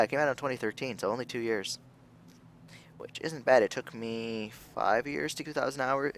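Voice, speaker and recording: A man's voice: mid-range voice, fairly bright tone. A young man giving casual, rambling let's-play commentary as a gaming video host, thinking aloud and restarting his sentences.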